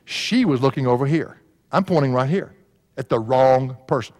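A man's voice: medium pitch, normal speed, darkish tone. A man preaching a sermon, folksy and laughing at his own stories. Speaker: pastor. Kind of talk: sermon with storytelling. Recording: long hall reverb.

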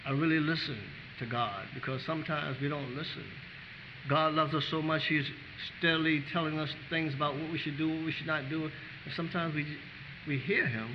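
A man's voice: fairly high pitch, lo-fi sound, a little hiss or hum. An older man preaching a sermon as pastor, asking the congregation question after question and rising to fervent peaks.

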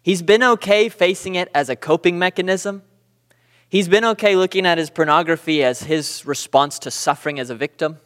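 A man from Southern California teaching a church Bible class, conversational and animated, with storytelling asides. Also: fairly high pitch, long reverb tail.

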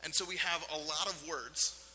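A male pastor delivers an earnest, emphatic sermon from a church sanctuary, leaning on dramatic pauses. His voice sits high and rings with a sharp, bright edge. A long reverb trails each phrase, with a faint hum underneath. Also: fairly even intonation.

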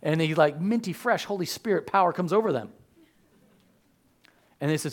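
Animated, joking male pastor. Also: fairly high pitch, normal speed, long pauses. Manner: animated and joking, acts out voices. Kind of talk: sermon.

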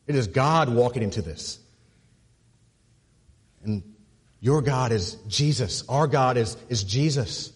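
In a large church sanctuary, a male pastor preaches with a husky, slightly breathy voice that trails a long reverb. He speaks slowly with lively intonation and long pauses, repeating words to build his point before dropping low and soft on the key lines.

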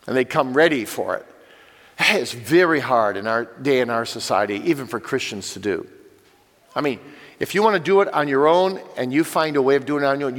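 A man's voice: on the high side, fairly bright tone. An older man giving an earnest church teaching talk, speaking directly to parents. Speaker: Bible teacher. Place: church hall. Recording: long church-hall reverb.

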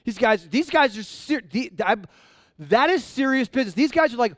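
A male pastor preaching a sermon in a conversational, animated way, often restarting his sentences. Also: very high voice, normal speed, no echo.

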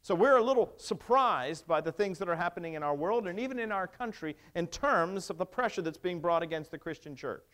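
A man's voice: high-pitched, animated, brisk, few pauses, fairly bright tone. A male pastor preaching a sermon, emphatic and wry, asking the congregation rhetorical questions. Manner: wry humor.

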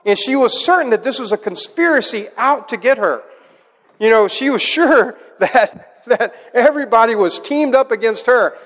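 A middle-aged man with a high, bright speaking voice preaches to a congregation, weaving personal stories into his sermon. He tells them with lively energy, and his words ring out with a long hall echo. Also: normal speed. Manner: animated storytelling, acts out a child's voice in quotes. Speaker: pastor.

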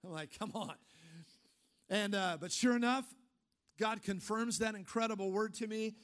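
A pastor preaches a sermon at normal speed with a fairly bright tone, throwing out emphatic rhetorical questions. He then eases into a low, casual voice for storytelling.

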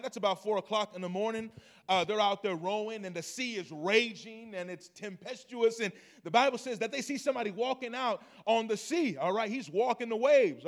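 A male pastor preaching a sermon in church. He tells the story in a lively way, drops into quiet asides, then rises to loud, emphatic calls and asks the congregation to respond. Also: sits high.

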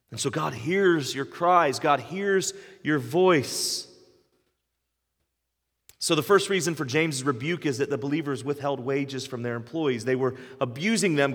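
A man's voice: medium pitch, a bit bright, slightly rough, big-room sound. A man in his forties preaching a sermon, earnest and emphatic, building up with repeated phrases. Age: 40s. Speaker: pastor.

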